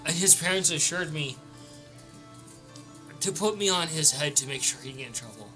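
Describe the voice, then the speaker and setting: A prissy tattletale companion in a tabletop game, prim and loud, pitched up higher, as a man puts him on. Clear music runs behind. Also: lively intonation, normal speed. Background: background music.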